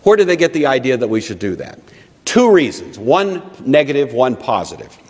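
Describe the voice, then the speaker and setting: A man preaching a teaching sermon in an animated, conversational way with frequent asides. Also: mid-range voice, normal speed. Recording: long reverb of a large hall.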